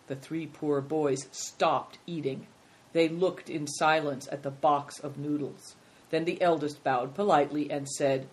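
Woman with a lowish voice reading a storybook. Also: unhurried. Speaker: narrator. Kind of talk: storybook read-aloud.

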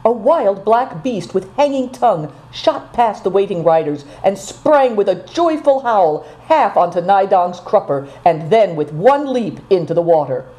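A woman narrating a storybook, reading expressively at an even pace. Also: mid-range voice, unhurried, few pauses, rough recording.

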